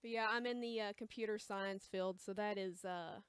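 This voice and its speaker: Hesitant young woman, crisp dry voice. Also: medium pitch, steady tone, normal speed, no echo. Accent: American. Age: young adult. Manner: hesitant, rambling, says she is quiet and awkward. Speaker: shop livestream seller. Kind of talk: casual livestream chat. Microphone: close mic, chewing gum.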